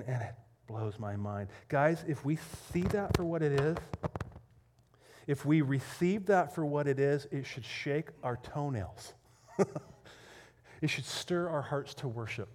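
A man preaching a sermon as pastor, telling a story with emphatic repetition and swinging between loud intensity and hushed whispers. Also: fairly high pitch.

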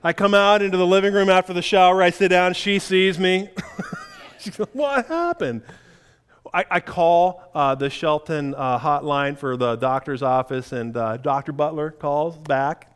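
Middle-aged pastor, smooth, slightly high. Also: male voice, fairly even intonation, normal speed. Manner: self-deprecating storytelling with chuckles. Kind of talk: sermon with personal story.

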